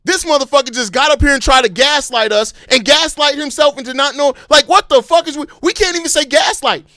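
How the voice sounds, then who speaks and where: Fired-up, high-voiced sports podcast man. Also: fast talker, no room sound, studio quality. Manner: impassioned, heavily profane ranting; calmer, apologetic stretches between outbursts. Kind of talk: live-stream sports fan commentary.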